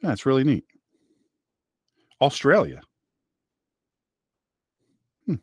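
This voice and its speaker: A man of middle pitch hosts a political talk show in a rambling, opinionated monologue. He repeats phrases for emphasis and reads out listener messages. His voice sounds dry and close to the mic. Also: huge pitch swings, takes it slowly, darkish tone, husky, dry recording.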